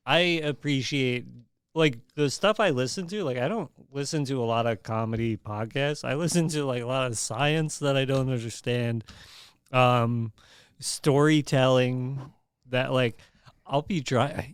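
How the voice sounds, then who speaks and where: A man who is a stand-up comedian, guesting on a casual podcast and telling stories in a relaxed, self-deprecating way. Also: mid-range voice, measured pace, clean tone, no room sound, clean studio sound.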